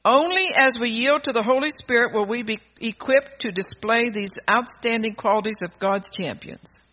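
A woman's voice: on the high side, moderate pace, a bit bright, muffled recording. Emphatic woman preaching a sermon. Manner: emphatic, scolding, calls to the congregation.

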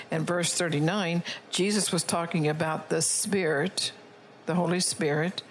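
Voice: medium pitch, slight background noise, low-quality recording. Preacher reading prophecy to a congregation. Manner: reads prophecy and scripture aloud, often checks in with "all right?". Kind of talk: sermon.

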